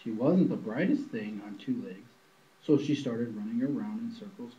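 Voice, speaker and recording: A man's voice: mid-range voice, lively intonation, moderate pace, warm tone, lo-fi sound. A man reading a children's picture book aloud in a playful, storytelling manner.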